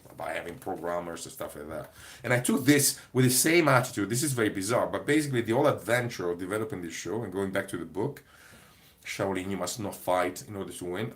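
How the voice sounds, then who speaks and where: A man talks to camera in an easygoing vlog, drifting from one story to the next. His voice sits a little low, and he laughs often while he digresses. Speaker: comedy performer. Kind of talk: casual vlog monologue.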